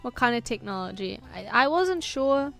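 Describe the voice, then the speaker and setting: A woman's voice: a little high, sing-song, moderate pace, creaky, a bit bright, faint music behind. Chatty New woman, rambling art stream. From New Zealand. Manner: rambling, self-mocking, laughs between thoughts. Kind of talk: casual chat while drawing on stream.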